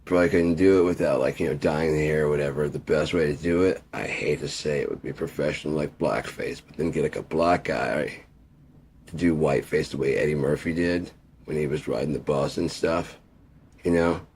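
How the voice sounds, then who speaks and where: A man's voice: rumbling low, fairly even intonation, fairly quick, darkish tone, slight background noise. A man rambling through a casual rant, profane and jokey, drifting from point to point. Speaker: video creator.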